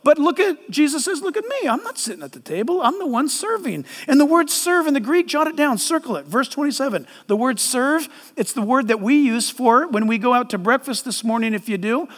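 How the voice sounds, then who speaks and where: A middle-aged man preaching a sermon as pastor, animated and joking, acting out little voices. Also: very high voice. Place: large church hall. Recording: long hall reverb.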